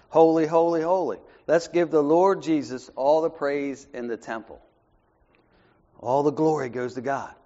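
A man leading an informal Bible study, talking in a conversational way that swings from soft asides to raised emphasis and keeps checking in with "right?". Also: on the high side. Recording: muffled lo-fi recording.

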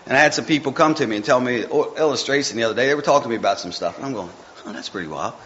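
A male lay speaker with a medium-pitched, fairly bright voice races through an informal devotional talk, folksy and meandering with chatty asides. The recording is slightly dull and muffled, with a little hiss or hum and faint background ambience.

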